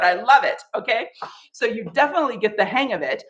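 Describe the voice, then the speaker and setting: Lively laughter yoga coach woman. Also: fairly high pitch, fast talker, highs cut off. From United States. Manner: playful, laughing often, chanting ho ho ha ha. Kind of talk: live online laughter yoga session.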